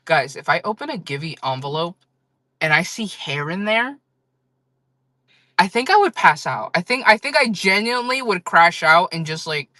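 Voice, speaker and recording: A woman's voice: low voice, sharp tone, no echo. A woman chatting casually on a live-selling stream, joking, rambling and laughing often.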